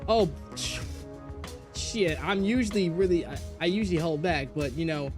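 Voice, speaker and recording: Male gaming streamer, slightly high voice, rowdy, swearing storyteller, faint game music underneath. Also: moderate pace. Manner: animated, profane, swings between loud outbursts and low mutters.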